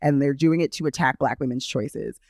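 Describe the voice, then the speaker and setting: A man co-hosting a podcast in casual chat, animated and jumping high in pitch for emphasis. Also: fairly quick, dry recording, studio quality. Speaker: podcast co-host.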